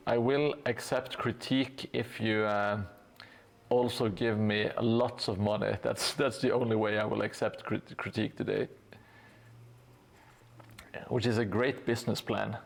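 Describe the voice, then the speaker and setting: A man's voice: fairly low pitch, fairly even intonation, measured pace, gravelly. A tired man from Norway chatting casually with viewers on a live stream while painting, joking and hesitant with many fillers.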